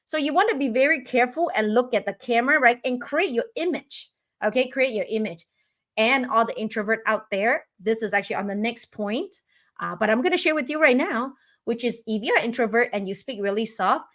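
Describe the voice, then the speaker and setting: A woman hosting a live online coaching session, talking energetically and often checking in with "right?". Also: fairly high pitch. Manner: energetic, keeps asking "right?". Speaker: host and business owner.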